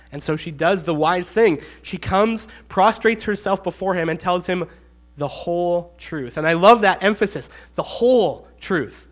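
A man delivers a sermon in a conversational, explanatory way, his voice pitched a little above the usual. He reads the scripture plainly and acts out the quoted lines with building emphasis. A faint mains hum runs under the recording. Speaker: preacher.

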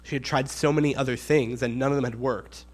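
A man's voice: medium pitch, fairly even intonation, brisk. A man preaching a sermon in a conversational way, reading scripture and acting out the quotes with rising emphasis.

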